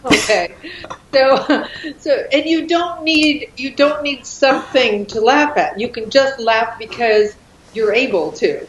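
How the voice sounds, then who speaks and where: A woman's voice: high voice, animated, slow, echoey room, slight background noise, rough recording. A woman from the United States leading a laughter yoga exercise in casual chat, giggly and instructive, laughing often between her words.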